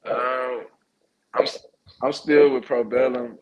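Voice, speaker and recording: A man's voice: medium pitch, fairly even intonation, slow, dull audio. A man from Texas, a boxer answering interview questions in a laid-back, hesitant way with many "uh"s and "yeah"s. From Orange, Texas. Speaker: professional boxer.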